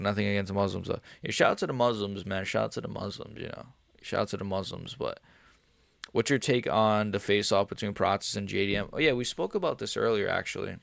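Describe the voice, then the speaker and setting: Gravelly, low-voiced man streaming live. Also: fairly quick, dry recording, clean studio sound. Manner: profane, rambling, talks straight to chat. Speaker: MMA livestreamer. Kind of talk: casual livestream chat reacting to viewers.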